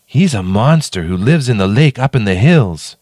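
A man's voice: mid-range voice, expressive, moderate pace, a little mellow, dry recording, clean studio sound, voice pushed up, close to an everyday voice. A man voicing a female raven who is morbidly curious and eager in a storybook reading. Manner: eager, a bit macabre.

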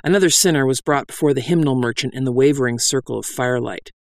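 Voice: mid-range voice, quick pace, dry recording. A reader narrating a comic fantasy tale in a dry, wry storytelling style. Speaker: audiobook narrator.

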